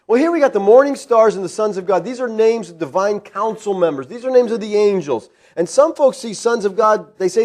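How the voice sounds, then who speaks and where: Preaching an expository sermon in a church sanctuary, a pastor speaks briskly with few pauses in an animated, high-sitting, slightly mellow voice. He's conversational, full of rhetorical questions, and repeatedly asks "all right?"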